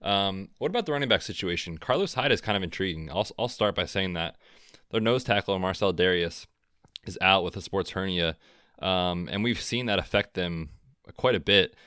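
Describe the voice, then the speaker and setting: Low smooth-voiced man chatting sports. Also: moderate pace, no room sound, clean studio sound. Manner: relaxed, chatty, frequent fillers. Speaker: podcast co-host. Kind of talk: casual sports chat.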